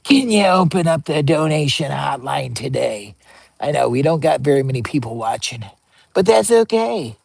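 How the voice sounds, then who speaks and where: A man live streaming a product test, joking around, hyping up his viewers and bursting into excitement. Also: a little high, moderate pace, creaky, no room sound. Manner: joking, hyped, begs for likes, bursts of excitement. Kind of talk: goofy live-stream chat. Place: outdoor campsite by a pellet stove.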